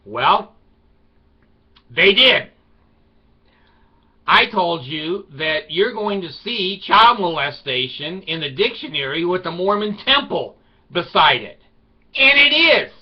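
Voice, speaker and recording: A man's voice: a little high, very animated, slow, pauses often, breathy edge. A man talking to camera in a loose, rambling monologue, wry and irreverent in tone. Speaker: video blogger. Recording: slightly dull lo-fi recording.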